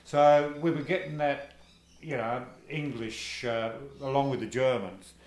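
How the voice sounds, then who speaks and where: An older man with an Australian accent, telling stories as the interviewee in an oral history interview, casual and halting with plenty of fillers. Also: mid-range voice, a little mellow. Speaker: interviewee, former soccer player. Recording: echoey room.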